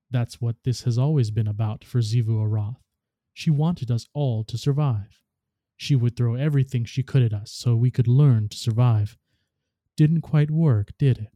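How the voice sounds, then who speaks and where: Guy reading as a sly old witch goddess, super dark mellow voice, dry close sound. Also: medium pitch, no echo, natural voice. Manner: measured, reflective reading. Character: scheming ancient female witch god.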